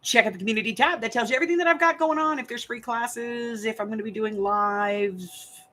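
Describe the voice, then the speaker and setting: A woman's voice: fairly high pitch, fairly quick, fairly bright tone. An older woman from the United States hosting a crafting channel, chatting casually and rambling to her viewers while she thinks aloud.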